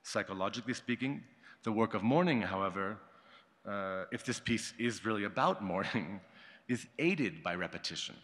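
A man giving a conference talk, reading a prepared academic paper in a formal, measured way and marking quotations aloud. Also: fairly low pitch, expressive, a bit bright. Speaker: conference speaker. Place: conference hall. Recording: long hall reverb.

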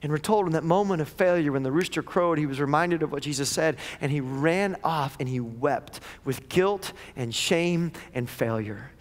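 A man preaching a sermon as lead pastor, dramatic, dropping to near-whispers then rising loud. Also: on the high side, moderate pace, hardly any pauses. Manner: dramatic, swings from hushed to loud. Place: church auditorium. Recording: echoey church hall.

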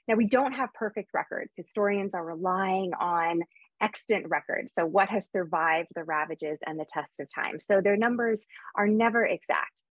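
An American woman historian giving a quick, lively academic lecture with frequent fillers over a video call. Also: mid-range voice, no room sound, dull audio. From United States. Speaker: historian giving a conference talk.

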